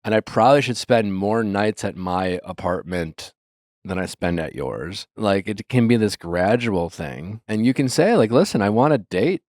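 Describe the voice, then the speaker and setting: A man hosting a podcast, chatting casually and giving advice to a caller, with lots of fillers and quiet trailing asides. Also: on the low side, animated, moderate pace, dry recording, studio quality. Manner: conversational, hedging with fillers, trails off quietly when quoting.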